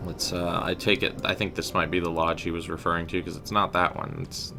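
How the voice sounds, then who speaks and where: A young game streamer with a low-pitched, gravelly voice talks fairly quickly and flatly while music plays behind him. Chatty and slangy, he jokes with viewers and calls them "guys" during his casual let's-play commentary.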